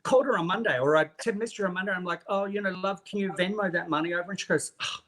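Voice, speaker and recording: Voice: medium pitch, racing, a bit bright. A guest costume maker chatting casually and gossiping, telling a long story and quoting others, often calling people honey. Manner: acts out others' lines in quotes. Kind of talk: casual chat.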